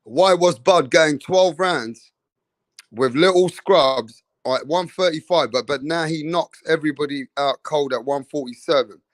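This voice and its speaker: A man's fairly high voice, loose and profane, hyping up his chat on a boxing livestream. The sound is dry and close, with little room in it. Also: unhurried, dry recording. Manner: loose, profane, hypes up chat with shout-outs. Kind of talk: casual livestream chat reading comments.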